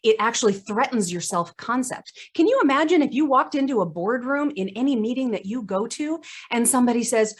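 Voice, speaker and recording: A woman's voice: a little high, lively intonation, a little fast, few pauses, breathy edge. Earnest woman presenting at a conference. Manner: earnest, rhetorical questions, occasional stumbles. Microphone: video call microphone.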